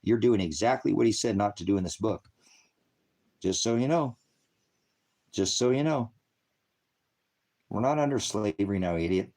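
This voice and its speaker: His voice sits lowish and a little mellow, moving at a moderate pace with long pauses. He runs a ministry livestream where he lectures on scripture and angrily, profanely heckles the commenters in his chat, spoiling for a fight.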